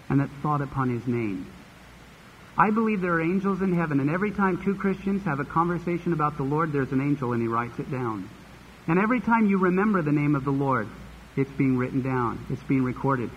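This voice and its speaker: Man preaching in a reverberant hall. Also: on the high side. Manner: expository Bible teaching with folksy asides. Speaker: pastor. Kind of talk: sermon. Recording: dull lo-fi recording with long hall reverb and faint hiss.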